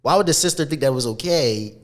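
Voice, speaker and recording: Animated, fast-talking man podcast host. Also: mid-range voice. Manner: animated, swearing, acts out quoted lines. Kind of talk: casual chat.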